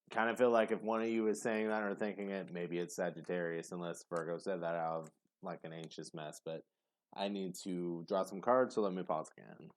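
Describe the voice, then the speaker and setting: A man giving a casual tarot reading to camera, rambling and hesitant, with many fillers. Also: low-pitched. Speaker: tarot reader.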